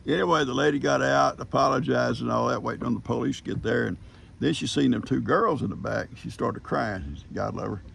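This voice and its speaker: Older man, farm vlogger, heavy vocal fry, easygoing rambling chat, outdoors with faint background hum. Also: medium pitch, brisk, fairly bright tone. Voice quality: gravelly. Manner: folksy storyteller, chuckles often.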